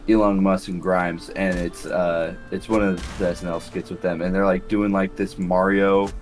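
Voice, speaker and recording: A man's voice: low voice, level tone, normal speed, soft background music. A young man co-hosting a casual gaming chat, rambling and laughing often. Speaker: co-host, gamer.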